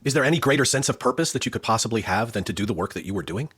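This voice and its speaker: Man, rapid talker, casual, enthusiastic, lots of fillers. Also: medium pitch, expressive, fairly bright tone, breathy edge. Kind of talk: interview conversation.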